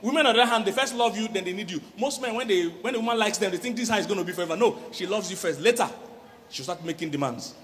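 Animated man preaching in an echoey hall. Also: high-pitched, very fast, a little hiss or hum. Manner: animated, laughing, acts out quoted voices. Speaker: relationship coach preaching. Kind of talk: church sermon on marriage.

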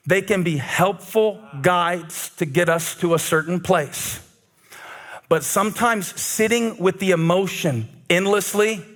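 A man preaching a sermon as pastor, animated and joking, rising to shouts at peaks. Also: high-pitched.

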